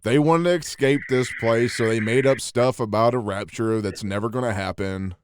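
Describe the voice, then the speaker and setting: A man's voice: mid-range voice, normal speed, smooth, dry recording. A man hosting a podcast, talking in a casual, joking and emphatic way and laughing often. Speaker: podcast host.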